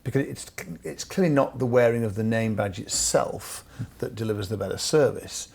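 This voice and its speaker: A gravelly man hosts a business event in front of a live audience. He mixes dry teasing with brisk directions to the crowd. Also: lowish voice, a little mellow. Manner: dry teasing asides, frequent brief agreements. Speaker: host. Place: conference room with audience.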